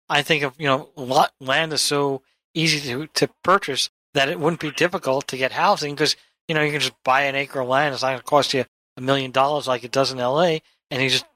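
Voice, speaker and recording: A man's voice: fairly high pitch, steady tone, quick pace, sharp tone, no echo, poor audio. A man from New York hosting a radio talk show in a joking, playful way into a studio microphone. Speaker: radio host.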